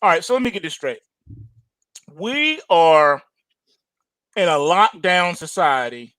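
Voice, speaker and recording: A man's voice: high voice, big pitch swings, slow pace, sharp tone, dry recording. A man hosting a trading show, chatting casually, laughing hard and exclaiming in disbelief. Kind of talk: casual chat.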